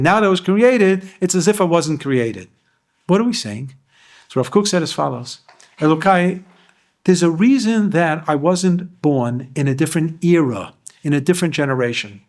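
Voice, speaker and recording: Man, rabbi, high-pitched voice, Torah class, explaining verses, questioning the room. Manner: explains Hebrew verses line by line, often asks the class questions. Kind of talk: Torah lecture.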